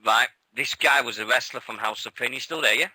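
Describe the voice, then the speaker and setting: Bright-voiced British man telling stories. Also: mid-range voice, fairly quick, low-quality recording. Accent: British English. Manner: excitable, laughing storyteller who swears freely. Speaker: radio show co-host. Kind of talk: casual chat.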